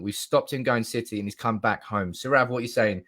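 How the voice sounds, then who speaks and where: A young man hosting a live stream, animated and swearing freely while reading out comments from the chat. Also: mid-range voice, a little fast.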